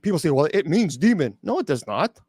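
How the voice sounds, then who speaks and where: A man's voice: fairly high pitch, very animated, fairly quick, darkish tone, slightly rough, dry recording, studio quality. A middle-aged man hosting a live call-in show as a bishop, answering chat questions bluntly and sarcastically, with many restarts and filler sounds. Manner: blunt and sarcastic, mocking doubters in mimicked voices. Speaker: radio show host and exorcist bishop.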